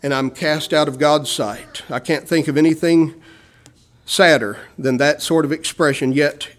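A male preacher giving a sermon with dynamic swells and hushed drops, often calling his listeners beloved. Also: a little high, steady tone, measured pace.

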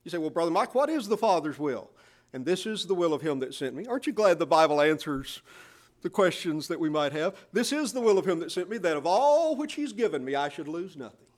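Emphatic preaching man, slightly high voice. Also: very animated, a little fast. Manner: emphatic preaching, quoting scripture in King James wording. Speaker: pastor. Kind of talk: sermon.

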